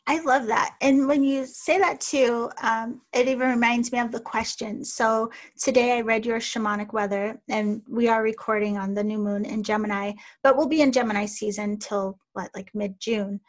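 A woman with a fairly high voice hosts a casual interview, affirming her guest and asking loose, filler-heavy questions. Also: fairly even intonation, normal speed, hardly any pauses. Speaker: podcast host.

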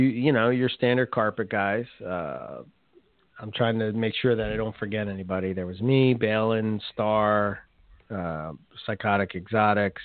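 A man's voice: fairly low pitch, no room sound. A man co-hosting a podcast in casual chat, telling rambling stories and laughing mid-sentence. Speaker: podcast co-host. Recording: tinny phone-like sound, dry.

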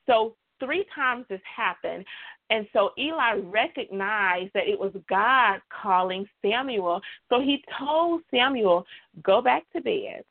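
A woman's voice: fairly high pitch, lively intonation, takes it slowly. A woman preaching a sermon, emphatic, with repeated refrains. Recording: tinny phone-like dry sound.

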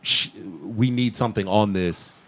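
A man's voice: lowish voice, normal speed, a bit bright, dry recording. A man hosting a music podcast, talking loosely with lots of fillers and restarts. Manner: laid-back, rambling with fillers and laughs. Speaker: podcast host. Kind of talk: casual interview.

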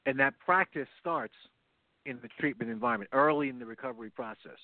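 Over a phone line rather than his headset, a man co-hosting a recovery talk show explains in an earnest, casual radio manner full of repeated phrases. He has a medium pitch, speaks fairly quickly, and there's no echo.

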